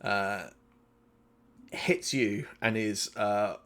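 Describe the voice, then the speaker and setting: A man narrating as game master of a tabletop game, relaxed and halting, with many fillers as he describes the fight. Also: lowish voice.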